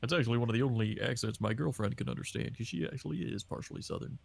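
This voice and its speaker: Young man, jokey banter, gravelly fry, lively pitch. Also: rapid-fire. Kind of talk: casual group chat.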